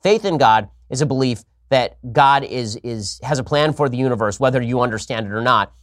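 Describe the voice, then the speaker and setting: A man's voice: mid-range voice, a little fast, dry recording, studio quality. A man hosting a show, answering listener questions in a casual, wry monologue full of restarts. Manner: talkative, frequent restarts, wry. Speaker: podcast host.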